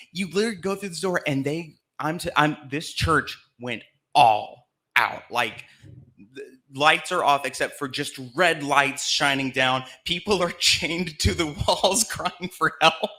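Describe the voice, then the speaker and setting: A man's voice: mid-range voice, sharp tone. A man from Alabama hosting a live storytelling show on a theater stage, telling a comic story in a chatty way and laughing between lines. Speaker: host.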